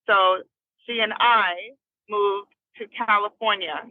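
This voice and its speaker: A woman's voice: mid-range voice, steady tone, slow, dry recording. A woman from New Jersey, a recording artist, telling her life story as a podcast guest in a chatty way and laughing often. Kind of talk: casual storytelling interview. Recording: tinny phone line.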